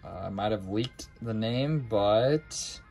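A man's voice: lowish voice, slow pace, gravelly, darkish tone, faint music behind. Man rattling off cards, casual break host. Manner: rattles off card names, stumbles and restarts words. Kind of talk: casual live card break commentary.

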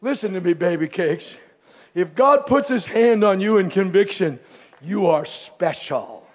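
A bishop preaching a fiery Pentecostal sermon at a live camp meeting, swinging from hushed folksy asides to shouted exhortation. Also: male voice, high voice, lively intonation, unhurried. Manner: folksy, calls listeners pet names. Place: live service before a congregation.

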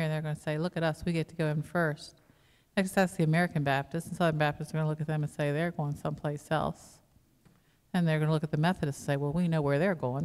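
A woman's voice: low-pitched, darkish tone. A woman pastor preaching a sermon in a conversational way, asking the congregation rhetorical questions. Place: church sanctuary. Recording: reverberant church hall.

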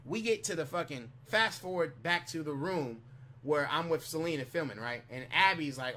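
A man's voice: a little high, slight background noise. A man casually telling a long, profane story as a vlogger, rambling with restarts and repeated "you know what I'm saying". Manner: animated retelling with quick restarts.

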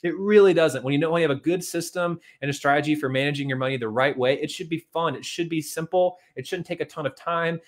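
A man coaching couples on money, talking in an energetic, chatty way and often calling his listeners "guys". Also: on the high side, fast, hardly any pauses. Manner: energetic, chatty, keeps saying "guys" and "okay". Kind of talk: motivational talk to couples.

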